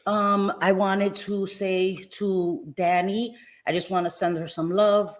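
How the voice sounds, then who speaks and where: A woman hosting a casual livestream, lively and affectionate, greeting viewers by name with pet names like sweetie pie. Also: medium pitch, slow pace. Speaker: livestream host. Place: home in New Jersey.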